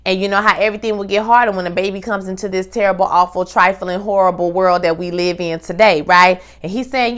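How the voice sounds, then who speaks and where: A young woman recapping a TV episode in a casual, animated way, acting out the characters' lines and throwing in slangy asides. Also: mid-range voice, fast, few pauses. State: pregnant. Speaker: TV recap host.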